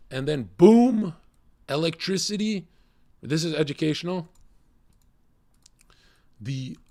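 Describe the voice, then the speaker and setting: A man rants to his livestream chat in a brash, profane way. He jumps from shouting to near-whispered asides. The sound is dry and close, with no room echo. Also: vocal fry. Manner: brash, profane, swings from loud shouting to low murmuring. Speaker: streamer.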